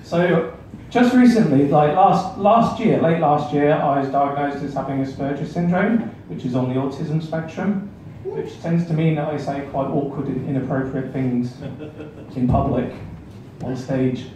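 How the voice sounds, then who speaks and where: A man's voice: a little high, moderate pace, warm tone, dull audio. A man doing a stand-up set, self-deprecating and chatting awkwardly with the audience. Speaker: stand-up comedian. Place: comedy club stage. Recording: echoey club room, mic far off, background noise.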